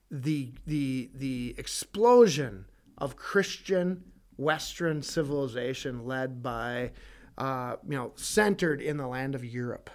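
A man teaching a casual bible study sermon in an animated, conversational way, acting out the quotes. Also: medium pitch.

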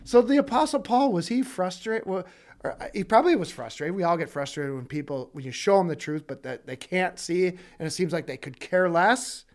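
A man teaching a casual bible study sermon in an animated, conversational way, acting out the quotes. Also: high voice, fairly quick.

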